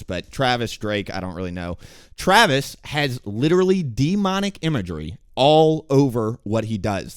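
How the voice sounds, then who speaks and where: A young man speaks straight to camera in an earnest, intense testimony, his voice smooth and resonant. He jumps between loud emphasis and hushed moments. The sound is dry and close. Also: mid-range voice, no echo. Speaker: gaming streamer and video host.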